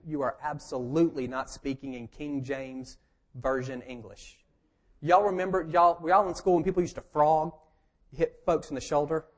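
Joking preacher, man. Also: a little high. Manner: conversational and joking, rising to emphatic. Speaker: pastor. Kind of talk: sermon.

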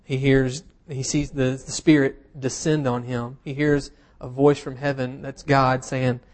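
A preacher delivers an informal, conversational sermon in an ordinary mid-pitched voice that's level, a little slow, and slightly mellow. He slips wry, self-deprecating jokes between scripture points and pads his phrases with frequent, easy fillers.

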